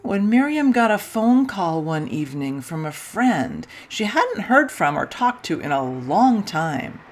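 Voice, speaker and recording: A woman minister gently telling a children's story during a church service, soft-spoken and sometimes dropping to a hush. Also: medium pitch, big pitch swings, unhurried. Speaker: intern minister.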